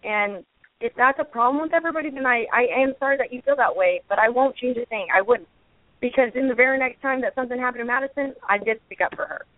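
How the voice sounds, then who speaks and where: A woman's voice: fairly high pitch, fast, no echo. Woman guest calling in to a radio show, candid and defensive, talking in long restarting runs over a thin phone line. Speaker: reality show cast member, guest. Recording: tinny phone line, dry.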